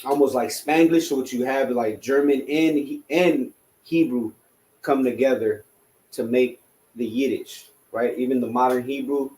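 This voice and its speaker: A man's voice: medium pitch, fairly even intonation, unhurried, darkish tone, echoey room, poor audio. Man lecturing, with a rhetorical "right?". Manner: rambling, many fillers and rhetorical "right?". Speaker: language class teacher. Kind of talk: unscripted classroom lecture.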